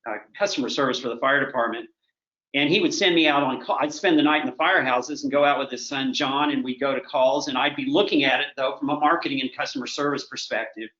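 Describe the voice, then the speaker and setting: A man in his sixties from Oklahoma, a guest telling long stories in a halting way, full of restarts. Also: medium pitch, steady tone, bright, forceful tone. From Oklahoma, USA. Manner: halting, with frequent restarts and fillers. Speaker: guest, retired corporate director. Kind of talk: rambling conversational storytelling. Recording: roomy, slightly dull remote recording.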